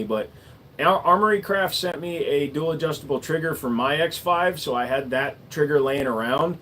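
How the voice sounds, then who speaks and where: A man's voice: mid-range voice, a bit bright, a little hiss or hum. Laid-back wisecracking man. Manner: laid-back, wisecracking, drawn-out word endings. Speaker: gunsmith and livestream host. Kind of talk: casual livestream chat answering viewers.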